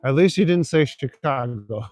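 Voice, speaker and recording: A man's voice: medium pitch, expressive, moderate pace, a little mellow, dry recording, soft background music. A young man chatting casually with viewers while walking city streets at night, rambling and chuckling with lots of fillers. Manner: laid-back, chuckling, rambling with many fillers. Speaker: livestreaming vlogger. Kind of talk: casual chat, reading and answering viewer comments.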